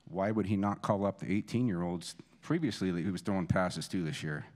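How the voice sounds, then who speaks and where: Deep-voiced man telling funny eulogy stories. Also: a little fast, darkish tone. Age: 40s. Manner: self-deprecating humorous anecdotes, many restarts. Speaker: family friend giving a eulogy. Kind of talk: storytelling eulogy at a memorial service. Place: church.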